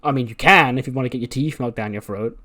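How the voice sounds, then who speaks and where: A man's voice: mid-range voice, fast talker, a little mellow, natural voice. A man voicing a brash, cocky young male wrestler who mocks and threatens. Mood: threatening.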